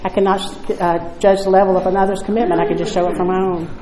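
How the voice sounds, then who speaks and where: A woman voicing her sponsor, a calm and patient woman who speaks quietly and evenly. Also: mid-range voice, rapid-fire, roomy sound, voice pushed down, natural voice, poor audio.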